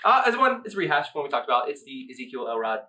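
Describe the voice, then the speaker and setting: American man, casual podcast co-host, bright sharp tone, echoey room, away from the mic. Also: medium pitch, very fast, recorded from a distance. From United States. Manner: animated, laughing, swears casually.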